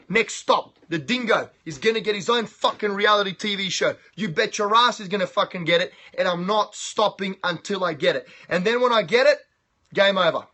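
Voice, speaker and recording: Hyped, profane Australian man, very high voice. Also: fairly quick. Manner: loud, boastful, profane hype talk. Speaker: live streamer. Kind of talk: hyped live-stream monologue. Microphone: phone live stream.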